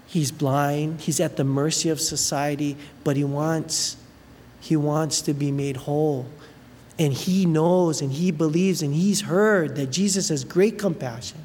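A preacher giving an animated sermon, retelling a Bible story with many asides and fillers. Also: medium pitch. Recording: long hall reverb, faint noise.

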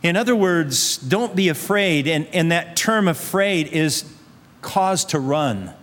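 A man's voice: fairly high pitch, lively intonation, takes it slowly, a bit bright. A male pastor preaching a sermon, urging his listeners with repeated phrases and rhetorical questions. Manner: earnest, repetitive exhortation with rhetorical questions. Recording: long reverb of a large hall.

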